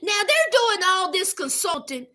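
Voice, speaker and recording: A woman's voice: very high-pitched, sing-song, a little slow, pushed and bright. A woman hosting a comedic reality show recap, sassy and chatty, talking straight to her viewers.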